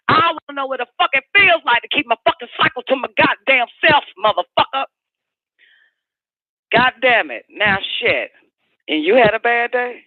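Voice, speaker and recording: A man's voice: fairly low pitch, no room sound, pitched below the performer's own voice. Guy putting on an angry woman cussing out her man, dry phone-line sound. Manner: profane, shouting, scornful rant. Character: furious woman ranting at her partner.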